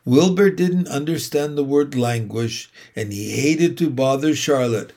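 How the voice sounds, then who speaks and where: A man reading a children's novel aloud, with slow, measured storytelling. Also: mid-range voice, dark tone. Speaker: reader.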